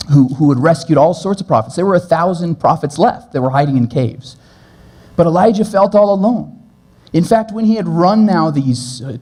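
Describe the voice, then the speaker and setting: A man preaching a sermon as pastor, earnest, moving between brisk stretches and slow, gentle passages. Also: on the high side. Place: church.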